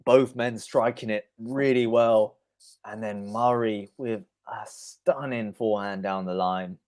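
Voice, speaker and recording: Low-voiced man calling tennis live. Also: fairly even intonation, darkish tone. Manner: rapid shot-by-shot calling, reading out chat comments. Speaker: live tennis play-by-play streamer. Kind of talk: live play-by-play commentary.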